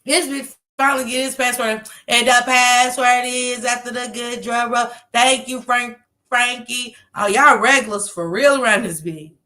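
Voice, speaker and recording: A woman on a call, casually telling a story in animated fashion, laughing and swearing. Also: on the high side, moderate pace.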